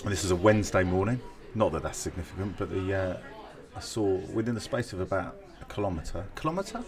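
A man's voice: low-pitched, quick pace, a crowd in the background. A man co-hosting a podcast in casual chat, rambling and correcting himself with dry humour. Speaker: podcast co-host.

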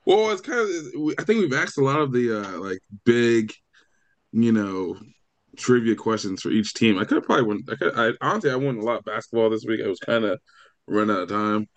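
Man, podcast co-host, rambling, halting, laughs a lot, dry close audio. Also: medium pitch, lively intonation, no echo. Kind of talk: casual podcast chat.

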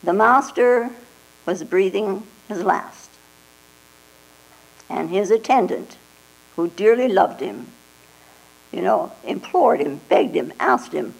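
An older woman, a Zen teacher, giving a slow, reflective dharma talk with frequent "you know" and "huh?" asides, on a 1989 tape. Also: medium pitch, expressive, gravelly, husky, rough recording. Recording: 1989 tape with mains hum.

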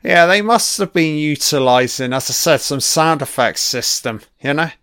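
A British man giving a casual commentary on a film. He reacts out loud and swears often as he rambles. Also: on the high side, animated, moderate pace, clean tone, no echo, clean studio sound. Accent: British English.

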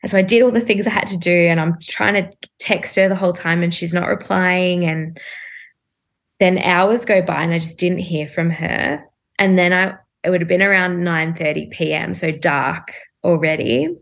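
A woman speaks as a podcast guest, earnestly telling a personal story. Her voice sits low and carries a steady gravelly fry. She talks in loose, chatty runs full of fillers and her own remembered thoughts. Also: moderate pace. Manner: earnest, recounting events with many "like" fillers and inner quotes.

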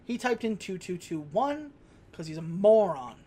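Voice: medium pitch, very animated, mellow. Casual podcast host recapping a film. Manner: retells scenes with quick put-on character voices. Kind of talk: casual movie recap chat.

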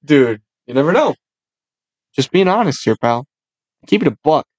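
A young man hosting a podcast, talking loud and crude with lots of swearing, jumping into quick voices for the people in his stories. His voice sits a little high for a man. The sound is close and dry. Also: breathy edge, no room sound. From Buffalo, New York area. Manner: loud, swearing, storytelling with animated impressions. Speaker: podcast host. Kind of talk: casual podcast chat.

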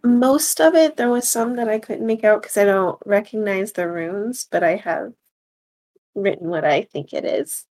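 A woman's voice: medium pitch, moderate pace, darkish tone, poor audio. A woman player in a tabletop game, tentative and thinking aloud.

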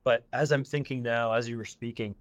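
Man, interview host, mid pitch, casual, thinking aloud, dry close sound. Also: steady tone, fairly quick, no echo.

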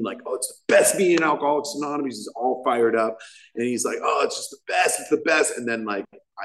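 Man, thirties, casual rambling storyteller, self-deprecating humor, speaking at a podium mic. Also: lowish voice. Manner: rambling, self-mocking storytelling with many fillers. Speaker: recovery meeting speaker. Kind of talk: personal story at a recovery meeting. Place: meeting hall. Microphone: podium microphone.

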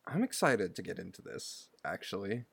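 A man's voice: on the low side, big pitch swings, normal speed, vocal fry, fairly bright tone, husky, no room sound. A man co-hosting a folklore podcast in casual chat, playful, sometimes dropping into a spooky voice. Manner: playful, drops into a spooky intro voice. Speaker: podcast co-host.

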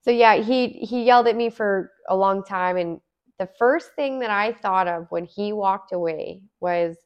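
A woman's voice: medium pitch, a little slow, clear, resonant tone, lo-fi sound. A woman from Alberta, musing in a casual, earnest monologue full of rhetorical questions. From Alberta, Canada.

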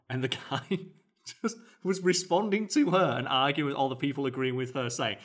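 A man's voice: mid-range voice, moderate pace, a bit bright. A man, co-hosting a podcast, telling a story animatedly with quoted voices. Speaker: podcast co-host. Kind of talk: casual chat.

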